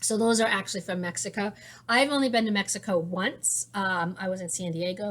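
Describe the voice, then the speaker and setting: A woman's voice: on the low side, fairly even intonation, quick pace, a bit bright, a little hiss or hum. A woman hosting a knitting podcast, chatting casually in a rambling way, full of restarts and fillers as she shows off her craft supplies at home. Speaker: teacher. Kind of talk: casual show-and-tell chat.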